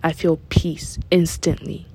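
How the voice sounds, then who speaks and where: A woman's voice: low voice, level tone, takes it slowly, dark tone, slightly rough. A woman hosting a personal devotional talk, speaking earnestly and candidly and repeating phrases for emphasis. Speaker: faith podcast host.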